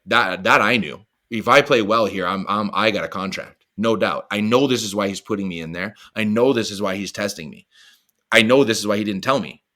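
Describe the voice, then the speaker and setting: A middle-aged man from the United States telling stories as an interview guest, animated and full of "like"s and restarts, acting out his own inner voice. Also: fairly low pitch. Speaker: guest, retired soccer player. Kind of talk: storytelling in a casual interview.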